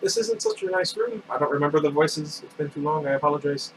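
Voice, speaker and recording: A man reading a book aloud, voicing a bright, determined teenage girl inventor in a raised, earnest voice. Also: fairly high pitch, wildly swooping pitch, quick pace. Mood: apologetic. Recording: distant mic with air conditioner hum.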